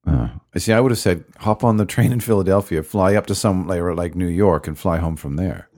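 A man's voice: sits low, brisk, a little mellow. A man co-hosting a casual hockey podcast, wry and teasing. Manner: wry, teasing, swoops up in surprise. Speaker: podcast co-host. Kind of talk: casual chat about hockey.

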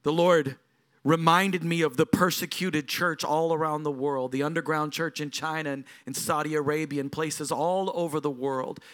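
A middle-aged man, a lead pastor, preaching a sermon in a storytelling way that moves from quiet moments to emphatic passages. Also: fairly high pitch.

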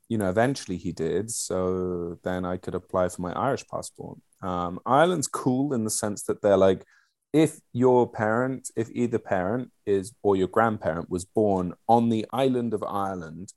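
A man in his thirties, a guest telling stories in a casual, animated way, swearing and using lots of fillers. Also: fairly low pitch, normal speed, no room sound. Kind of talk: casual conversational storytelling.

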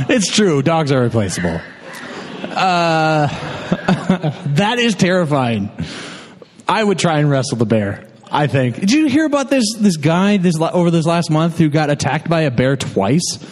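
A man's voice: fairly high pitch, sing-song, measured pace, in a large hall. A man hosting a live storytelling night, cracking jokes and laughing through rambling stage banter.

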